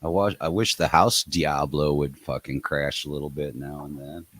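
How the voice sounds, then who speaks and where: A man's voice: extremely low pitch, steady tone, normal speed, fairly bright tone, a little hiss or hum. A man in casual chat, laid-back and mumbling, swearing often.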